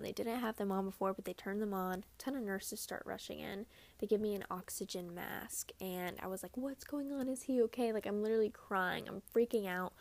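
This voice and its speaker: A woman's voice: medium pitch, creaky, darkish tone, no echo. A young woman telling her birth story in a chatty, casual way, full of "like" and acted-out quotes. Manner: chatty, lots of "like", acts out quoted lines.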